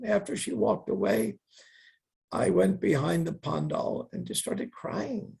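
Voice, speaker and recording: An older man, a guest in an interview, tells stories in an earnest, reflective way, adding wry asides and quoting others in a raised voice. His high voice is animated and unhurried, gravelly and husky with a darkish tone.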